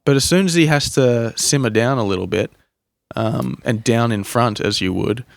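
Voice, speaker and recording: Dude making wry jokes about a bad movie, middle pitch, dry close mic. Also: male voice, normal speed, vocal fry, no room sound. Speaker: podcast co-host. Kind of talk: casual film review chat.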